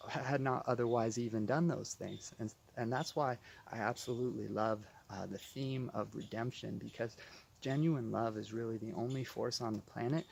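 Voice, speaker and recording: Guy walking thru his own poem, mid pitch, earnest and excited, repeats himself a lot. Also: creaky, slight background noise. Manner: earnest and enthusiastic, repeats words, asks "right?". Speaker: poet discussing his own work. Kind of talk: casual spoken walkthrough of a poem.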